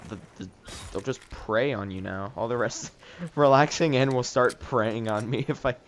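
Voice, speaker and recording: A man's voice: medium pitch, normal speed. A man doing casual commentary over an online game, sarcastic and ranting, swearing freely and joking about the other players. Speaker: gaming YouTuber.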